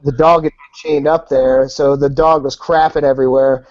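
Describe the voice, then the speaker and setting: On a podcast, a male guest with a medium-pitched voice and moderate pace tells wild stories in a casual way. He's animated, swears often, and acts out voices within his anecdotes, all captured in dull, lo-fi podcast audio.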